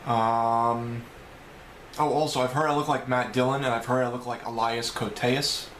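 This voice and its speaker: A New York–accented video blogger answers a list of questions from his home, rambling chattily and often correcting himself. He speaks at a moderate pace with fairly even intonation and a medium-pitched, fairly bright voice. The low-quality recording is reverberant and has slight background noise.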